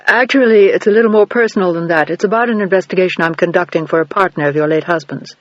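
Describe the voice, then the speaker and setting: A courteous, formal middle-aged investigator with a fairly high voice, played by the male narrator. He speaks in measured, polite sentences. The recording sounds dull and dry. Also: a bit bright, dry recording.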